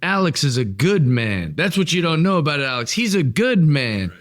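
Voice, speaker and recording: A man's voice: a little high, sing-song, normal speed. A man co-hosting a wrestling podcast, talking in a playful, boastful heel-style bravado. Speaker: podcast co-host. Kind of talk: comedic casual chat.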